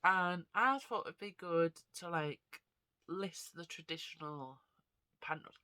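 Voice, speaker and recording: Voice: mid-range voice, slow pace, pushed and bright, no room sound. A vlogger and actor with a stuffy, congested nose, chatting casually and rambling to camera. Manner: rambling, chatty, self-deprecating.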